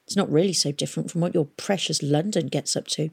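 A woman reading a novel aloud, voicing a blunt, hard-bitten young woman who speaks curtly and flatly. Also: low-pitched, quick pace, creaky, slightly rough, dry recording, studio quality, exaggerated voice. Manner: curt and flat.

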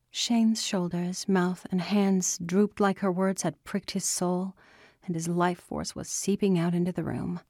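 A woman narrating a novel aloud in a quiet, measured, soft delivery. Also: on the low side, steady tone, no room sound, clean studio sound. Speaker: audiobook narrator.

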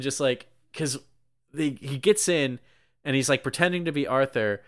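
A man's voice: on the high side, a little slow, fairly bright tone, dry recording, clean studio sound. A young man casually recapping a movie on a podcast, rambling and peppering his talk with "like" while acting out lines. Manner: rambling, heavy use of "like", acts out quotes. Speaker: podcast co-host.

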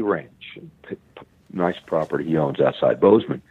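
Low husky man on a tinny line. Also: moderate pace, no room sound. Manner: animated anecdotes, acts out quoted dialogue, frequent restarts. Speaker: guest, wildlife conservationist. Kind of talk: conversational storytelling.

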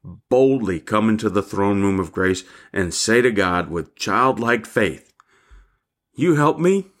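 An older man delivers a devotional sermon with fervent conviction. His voice sits somewhat low, and he calls his listeners family as a pastor would. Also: unhurried, a bit bright.

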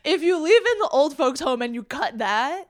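A woman comedian chatting on a podcast with sarcastic, deadpan delivery. Her voice sits a little high and swings widely in pitch. The sound is close and dry, with no room around it. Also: no echo. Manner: sarcastic, quick deadpan jokes. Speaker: guest comedian. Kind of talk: casual podcast chat.

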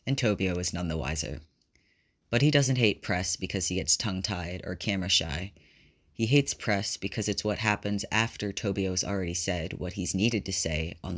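A man reading a fan fiction story aloud in a steady, even storytelling manner. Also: deep voice. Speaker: reader.

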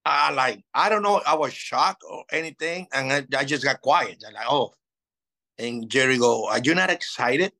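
Man, 50s, native Spanish speaker, animated storyteller, bright tense voice, casual interview. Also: medium pitch, moderate pace, rough recording. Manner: animated, acts out past dialogue. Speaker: interview guest.

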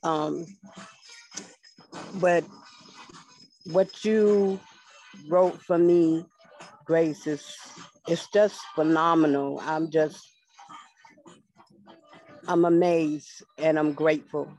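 Slow, halting woman close to tears. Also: low voice, steady tone, a little mellow, muffled recording. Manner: halting, restarts, fighting back tears. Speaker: class participant. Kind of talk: emotional thank-you on a group call.

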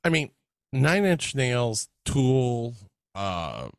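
A man co-hosting a podcast in casual chat, halting at times and laughing often. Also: medium pitch, sing-song, creaky, dry recording, clean studio sound. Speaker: podcast co-host.

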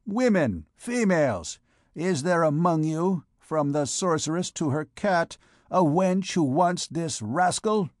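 A man voicing a loud, swaggering male vagabond chief who bellows and mocks. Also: a little high, no echo, clean studio sound, pitched above the performer's own voice, exaggerated voice. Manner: bellowing, mocking auctioneer calls. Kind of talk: audiobook character voice.

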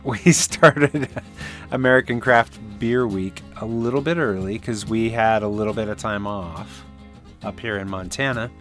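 Co-hosting a casual podcast, a man jokes and rambles, restarting his sentences often. His voice is lowish, a little slow, and slightly bright, with faint music in the background.

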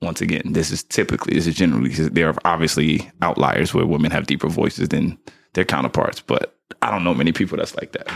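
A man's voice: a bass voice, fast, creaky. A man co-hosting a podcast, musing in a casual chat and often tagging thoughts with "right?". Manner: relaxed, musing, with frequent "like" and "right?" tags. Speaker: podcast co-host, father.

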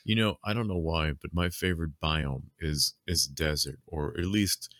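Low voiced guy musing along casually, lots of likes and you knows, dead dry room. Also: normal speed, a bit bright, no echo. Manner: rambling, reflective, many fillers. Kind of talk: casual chat.

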